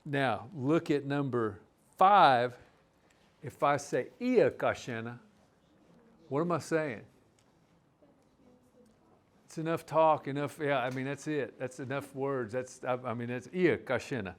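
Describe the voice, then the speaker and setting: A man teaching a live language class, explaining words in a relaxed, rambling way with many restarts. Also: mid-range voice, unhurried, pauses often.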